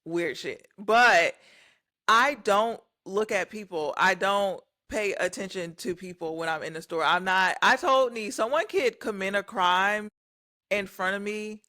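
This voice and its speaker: A woman's voice: mid-range voice, unhurried, pushed and bright. A young adult woman from the States, co-hosting a podcast in blunt, laid-back casual chat full of slang. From southern Virginia, US. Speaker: podcast co-host.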